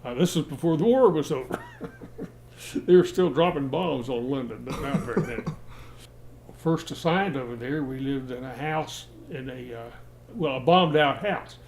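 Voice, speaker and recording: An older American man reminiscing about his childhood in a relaxed interview, chuckling and restarting his sentences as he goes. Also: medium pitch, moderate pace, a crowd in the background. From United States. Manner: rambling, chuckling storyteller with frequent restarts.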